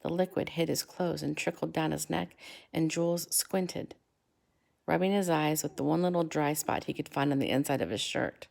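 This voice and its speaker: A woman reading a children's novel aloud in a measured way, slowing and dropping to a hush for effect. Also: low-pitched, vocal fry. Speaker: reader.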